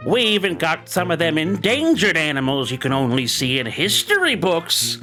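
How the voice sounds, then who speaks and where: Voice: medium pitch, sing-song, normal speed, bright, forceful tone, soft background music. A podcast host putting on a brash old-timey male circus ringmaster with carnival-barker patter, in a comic improvised bit. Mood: showy.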